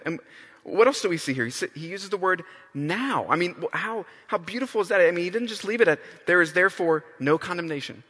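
A man's voice: a little high, bright, forceful tone. A man preaching a sermon, emphatic, often restarting and repeating phrases. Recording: long hall reverb.

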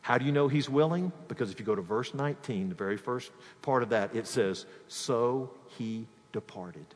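A male pastor preaching a sermon, swinging from loud emphatic peaks to quiet asides. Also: medium pitch, expressive, fast talker. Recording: long reverb of a hall.

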